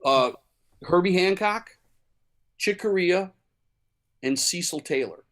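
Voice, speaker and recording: A man from Chicago, a musician guest, tells long rambling stories in a casual chat. His voice sits slightly high, and he fills his pauses with ums and false starts. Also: lively intonation, a bit bright. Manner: chatty, many fillers and restarts. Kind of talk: casual interview storytelling.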